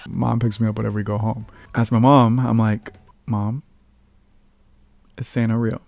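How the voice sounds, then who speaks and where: A young man hosting his own vlog, telling childhood stories in a casual, animated way, laughing often and acting out other people's lines. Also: medium pitch, moderate pace, vocal fry, dry recording. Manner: animated, laughs often, acts out quotes in raised voice. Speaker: vlog host. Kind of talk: casual storytelling monologue.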